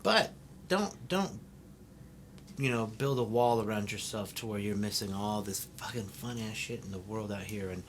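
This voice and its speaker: A middle-aged man hosting a casual interview, talking in a blunt, animated way with lots of swearing and laughter. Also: on the low side, normal speed, slight background noise. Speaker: host.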